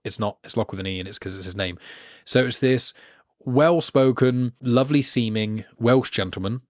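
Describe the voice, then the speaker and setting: A man talking casually as a podcast guest, rambling and trailing off quietly at the ends of his phrases. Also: medium pitch, dry recording, clean studio sound.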